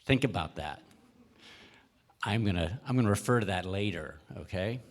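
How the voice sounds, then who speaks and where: A man's voice: deep voice, lively intonation, normal speed. A male minister telling a children's story at a worship service, asking the children questions as he goes. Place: church sanctuary. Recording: echoey church hall.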